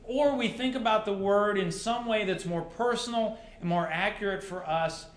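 A man's voice: high voice, normal speed. A male pastor preaching a sermon to his congregation, mixing rhetorical questions with dry humor. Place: church sanctuary. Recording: roomy church echo.

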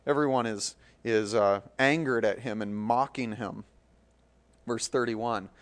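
A man reading a scripture passage aloud in a measured way, adding casual asides of commentary. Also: mid-range voice, steady tone. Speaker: Bible teacher.

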